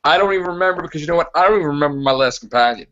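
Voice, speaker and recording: Man, casual podcast chat, rambling animated storyteller, slightly high voice, dull lo-fi sound. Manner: rambling, animated storytelling with quick acted-out quotes. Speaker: podcast co-host.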